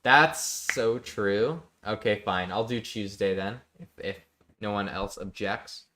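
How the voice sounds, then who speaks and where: Chatty male game streamer, low voice. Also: takes it slowly, background noise. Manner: chatty, reads chat aloud, jokey. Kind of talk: casual live-stream chat.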